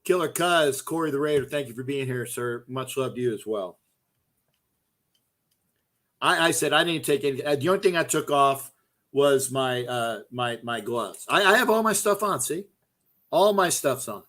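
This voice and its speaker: This middle-aged host of a fan call-in show speaks in a mid-range, expressive voice with a fairly bright tone at a moderate pace. His talk is a fired-up, profane fan rant, casual in style, and he repeats himself a lot.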